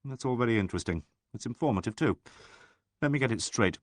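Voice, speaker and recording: A man voicing a dry, ironic gentleman detective in an audiobook. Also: medium pitch, lively intonation, fast talker, no room sound, close to an everyday voice.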